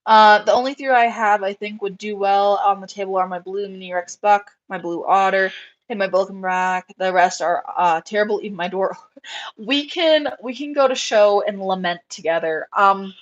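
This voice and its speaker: A young adult woman chatting casually on a live show, rambling and animated, with plenty of fillers and acted-out quotes. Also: mid-range voice, moderate pace, highs cut off. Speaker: rabbit breeder on a live show. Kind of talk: casual chat.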